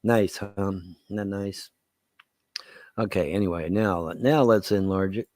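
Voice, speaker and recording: Speaking into a close desk mic, this live-stream host delivers casual, rambling commentary laced with sarcasm and crude language. His voice sits low with a darkish tone and a measured pace, and there's no room sound.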